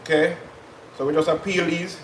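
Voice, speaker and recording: Man hosting a live kitchen stream, talks to the viewers as he cooks; slightly high voice, roomy sound with faint background noise. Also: level tone, normal speed. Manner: chatty, patois-tinged asides to viewers. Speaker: cooking show host. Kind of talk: live cooking stream chat.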